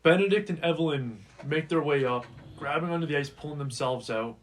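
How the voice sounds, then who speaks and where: A man's voice: fairly high pitch, brisk. A man running a tabletop game as game master, describing scenes in a casual way. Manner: casual, describing scenes and voicing side characters. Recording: distant mic with faint noise.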